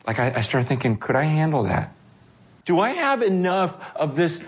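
A middle-aged man preaching a sermon, animated, his delivery swinging from hushed lines to raised, quick ones. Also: a little high, husky. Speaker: pastor.

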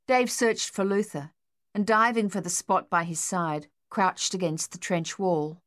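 Woman narrating an audiobook, lowish voice. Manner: measured, even reading. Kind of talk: scripted narration.

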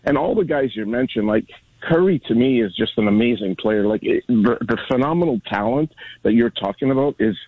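Man in his sixties, caller, rambling and friendly, tinny phone line, husky voice. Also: mid-range voice, animated, brisk, no echo. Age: 60s. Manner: rambling, friendly, full of restarts. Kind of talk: call-in radio chat.

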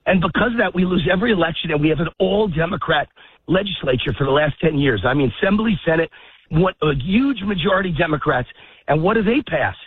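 A husky, out-of-breath man rants heatedly down a tinny phone line, his voice pitched fairly high. He walks outdoors as he talks, pushing his points hard. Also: lively intonation, no echo. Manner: heated, emphatic, rapid-fire ranting. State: out of breath, walking a dog. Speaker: political commentator guest. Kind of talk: phone-in talk radio interview. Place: outdoors in a park, walking.

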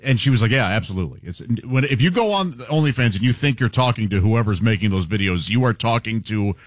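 A man's voice: fairly low pitch, fast, dry recording. A man co-hosting a radio show, telling an anecdote and joking with the others. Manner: animated storyteller, jokes and reacts. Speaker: radio co-host. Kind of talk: casual morning radio banter.

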